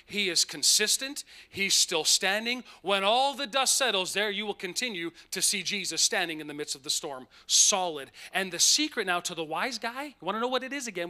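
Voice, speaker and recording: Guy preaching a sermon, lively and emphatic, sometimes jokey, real bright sharp voice. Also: sits high. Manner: animated preaching, playful asides, emphatic slowed phrases. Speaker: pastor.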